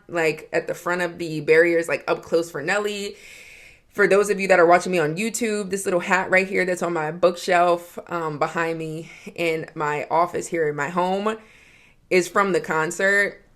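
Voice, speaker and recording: Chatty young woman with a low voice. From Georgia, US. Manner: chatty, excitable, many "like" fillers. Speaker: podcast host. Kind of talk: casual storytelling monologue. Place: home office.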